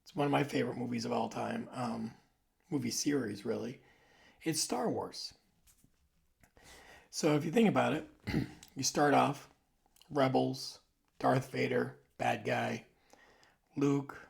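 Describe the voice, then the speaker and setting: A video host in his forties delivers a casual, rambling monologue in a heavily gravelly, mid-range voice. Every so often he drops into soft asides.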